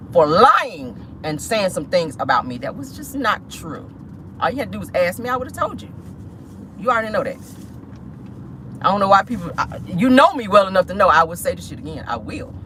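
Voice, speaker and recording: Woman, sassy and dramatic, very lively pitch, phone mic in a car, street noise behind. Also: a little fast, poor audio. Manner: animated, sassy, dramatic, talks straight to viewers. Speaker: vlog host. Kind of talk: casual live-stream chat. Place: parked car.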